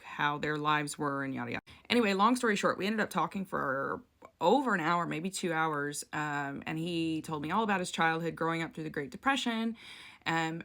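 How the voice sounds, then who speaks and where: A young woman vlogger talking to camera, halting and close to tears, with many fillers and restarts. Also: deep voice, gravelly, a bit bright. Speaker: vlogger and coach. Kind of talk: emotional personal talk to camera.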